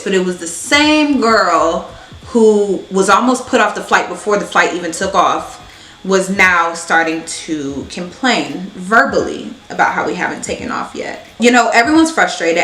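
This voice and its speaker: A woman's voice: mid-range voice, sharp tone, echoey room. A young woman telling a dramatic, slangy storytime on her vlog, laughing as she goes. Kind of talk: animated storytime.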